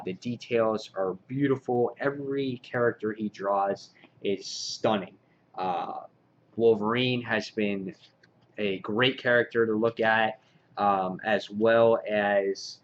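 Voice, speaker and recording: A man giving a casual comic book review, with many "uh" fillers, getting excited as he retells the story. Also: fairly low pitch, muffled recording, a little hiss or hum. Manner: frequent "uh" fillers, excitable retelling with quoted lines.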